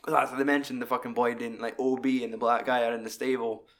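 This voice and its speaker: A man's voice: medium pitch, quick pace. A man in casual film talk, swearing often and acting out lines from scenes. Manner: animated, sweary, acts out quotes.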